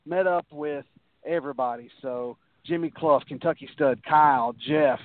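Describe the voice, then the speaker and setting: A man's voice: on the high side, normal speed. A man, a guest, telling rambling anecdotes in a casual interview, often restarting his sentences and acting out what others said. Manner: rambling anecdotes with many restarts and acted-out quotes. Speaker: guest, wrestler. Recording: tinny phone-like, dry sound.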